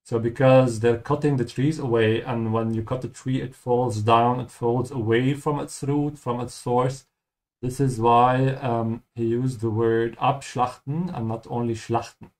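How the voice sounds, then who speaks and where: A man's voice: medium pitch, steady tone, darkish tone. Male language teacher, patient, explanatory, playthrough lesson. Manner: patient, explanatory, repeats words slowly.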